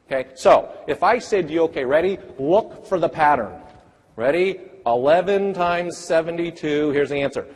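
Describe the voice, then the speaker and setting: Man quizzing a crowd in a reverberant hall. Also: a little high. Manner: energetic, rapid-fire quizzing of the audience. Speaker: math education presenter. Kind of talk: interactive conference workshop talk. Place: large conference hall.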